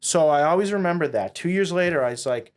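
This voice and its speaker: Animated young man telling stories. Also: a little high, fast talker. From Boston, USA. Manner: animated, swears, acts out quotes. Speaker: company founder, guest. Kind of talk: casual storytelling interview.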